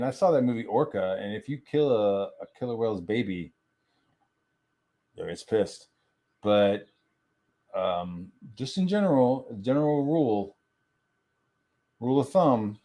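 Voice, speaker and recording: With a mid-range, dark-toned voice, this young stream guest goes on a rambling, crude rant packed with profanity.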